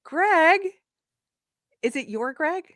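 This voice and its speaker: A woman's voice: high-pitched, expressive, drawn-out words, a bit bright, dry recording, studio quality. A woman hosting a live stream, chatting casually, laughing often and reading viewer messages aloud. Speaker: livestream host.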